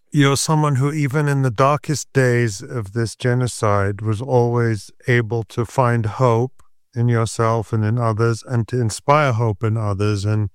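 A male interviewer with a smooth, resonant voice and a mid-range pitch. He asks his question in a measured, earnest way. The sound is dry and close. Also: dry recording.

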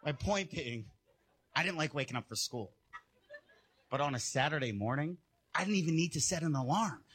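A man doing a stand-up routine, telling a story in an animated way and jumping into squeaky voices for the people he quotes. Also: moderate pace, slightly rough. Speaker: stand-up comedian.

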